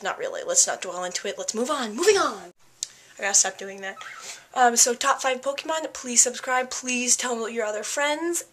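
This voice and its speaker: A giggly teenage girl talks to her webcam in a rambling, self-mocking way. Her voice is bright and clear, and her pitch sits in the middle. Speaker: vlogger. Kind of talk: casual chat to camera.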